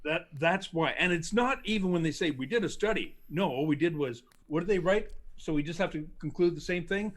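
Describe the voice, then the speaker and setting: A man's voice: on the high side, expressive, moderate pace. A man co-hosting a casual livestream chat, opinionated, telling stories and mimicking other people's voices. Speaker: co-host.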